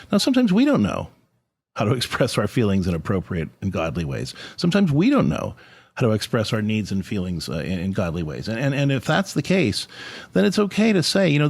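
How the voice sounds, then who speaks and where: A man's voice: mid-range voice, gravelly, dry recording. A middle-aged man hosting a podcast, giving an earnest, conversational reflection on faith and parenting. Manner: earnest, conversational, repeats words when restarting. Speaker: podcast host, Catholic family counselor.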